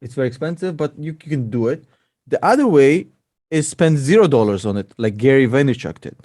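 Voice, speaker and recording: A man's voice: medium pitch, lively intonation, fairly quick, a little mellow, dry recording, studio quality. A man, an investor and podcast co-host, chatting casually and joking a lot. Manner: laughs a lot, calls people bro.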